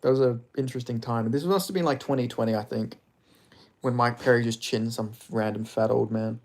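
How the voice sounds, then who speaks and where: A man's voice: mid-range voice, fairly even intonation, fairly quick, a little mellow. A young man, chatting casually and crudely on a live stream, rambling with lots of fillers.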